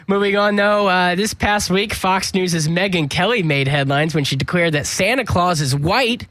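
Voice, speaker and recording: A man's voice: high-pitched, normal speed, few pauses, fairly bright tone, dry recording. A young man hosting a comedy news segment, sarcastic and joking, often stumbling and restarting his sentences. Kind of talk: mock news comedy monologue.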